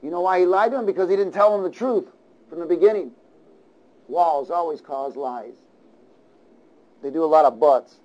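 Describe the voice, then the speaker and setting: A male pastor preaching a sermon in a lively, conversational way, often asking the audience questions. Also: on the high side, normal speed, pauses often, low-quality recording.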